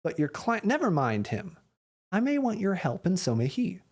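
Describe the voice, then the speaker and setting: Man doing a brisk, high-pitched gentleman detective. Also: huge pitch swings, exaggerated voice. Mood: eager. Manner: quick, eager and commanding, pitched higher. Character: brisk, sharp-witted gentleman detective, male.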